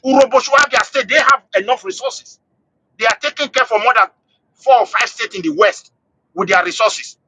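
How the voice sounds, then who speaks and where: A man calling into a live show, his voice set high and swinging widely in pitch as he pushes his case. The tone is bright and a little husky, and he keeps restarting and repeating phrases for emphasis. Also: animated, a little fast, no room sound, poor audio. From Nigeria. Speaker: call-in guest. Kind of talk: impassioned political commentary.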